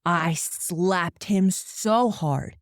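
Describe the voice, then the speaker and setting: A woman's voice: fairly low pitch, drawn-out words, no echo, studio quality. A young adult woman casually telling a candid, profane story, laughing as she goes. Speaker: podcast guest.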